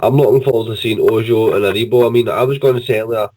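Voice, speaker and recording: Guy calling into fan radio, quick and eager. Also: lowish voice, fairly even intonation, darkish tone. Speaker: caller. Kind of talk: casual football chat.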